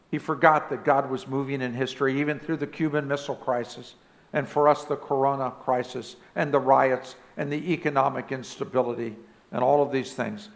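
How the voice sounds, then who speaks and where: A man preaching a sermon as pastor of a church. He speaks emphatically and rises now and then to loud exclamations. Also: mid-range voice, fairly even intonation, a little fast, creaky. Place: church sanctuary.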